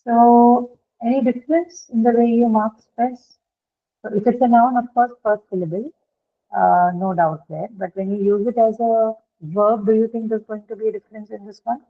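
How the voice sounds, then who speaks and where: A woman's voice: a little high, fairly even intonation, normal speed. A woman teaching an English pronunciation lesson online, explaining patiently and often checking that her students follow. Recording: phone-like online call audio.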